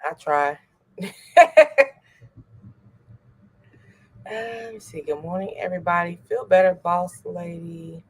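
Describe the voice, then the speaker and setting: A woman hosting a casual livestream, reading out viewer comments and greeting people in a relaxed, easygoing way. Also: on the low side, slow pace, pauses often, slightly rough. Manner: relaxed, reads viewer comments aloud, chuckles. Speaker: livestream host.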